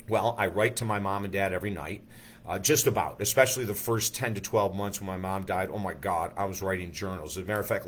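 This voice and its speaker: Guy with a lowish voice telling an emotional personal story, earnest, faint noise behind. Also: a bit bright. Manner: earnest and emotional, with frequent fillers and restarts. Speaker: life coach.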